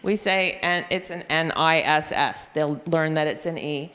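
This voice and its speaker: A woman teacher walks fellow educators through a phonics method, spelling letters and sounding them out slowly. Her explanatory talk has a long reverb, as if spoken in a large hall. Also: low voice, pushed and bright. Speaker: reading intervention teacher. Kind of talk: professional development presentation. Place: school room or hall.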